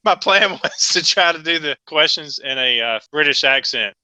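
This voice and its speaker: A man with a Southern American accent co-hosting a podcast in casual chat, joking and laughing often, his voice trailing off softly. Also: a little high, lively intonation, normal speed, clear, resonant tone, no room sound. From Southern United States. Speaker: podcast co-host.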